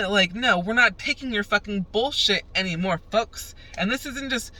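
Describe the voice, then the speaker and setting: A woman's voice: mid-range voice, normal speed, pushed and bright. A young woman vlogging in a profane, fired-up rant as she tells a story. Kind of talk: ranting casual vlog.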